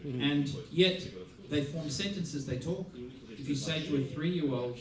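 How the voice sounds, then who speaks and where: Man, music masterclass teacher, playful and animated, distant mic, echoey theater hall, audience around. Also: a little high, measured pace, crowd noise. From Australia. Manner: lively, playful, acts out little scenes. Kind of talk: masterclass talk. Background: audience laughter.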